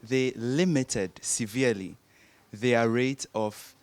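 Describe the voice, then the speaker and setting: A young man explains his argument on a panel, lecturing and pausing to search for words. He speaks slowly, and his voice sounds smooth and clear. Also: medium pitch, a little mellow. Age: young adult. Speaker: panel guest.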